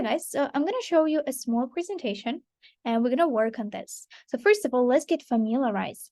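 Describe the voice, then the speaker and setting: Woman, fairly high voice, teaching pronunciation, repetitive check-ins, dry close recording. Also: darkish tone, dry recording. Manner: repetitive, checks in often with "okay" and "right". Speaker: English teacher. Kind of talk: online pronunciation lesson.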